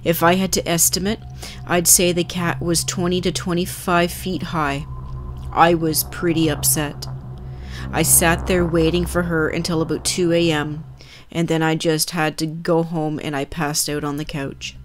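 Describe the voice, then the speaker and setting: A woman reads scary stories aloud in a calm, measured way. Her voice sits low for a woman, with faint music under it. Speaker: narrator. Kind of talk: scripted narration of scary stories.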